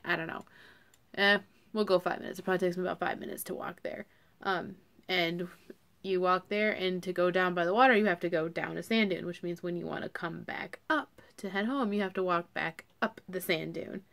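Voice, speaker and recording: A woman's voice: on the low side, creaky, a bit bright. Chatty young woman vlogging. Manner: chatty, full of fillers and "like". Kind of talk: casual chat to camera.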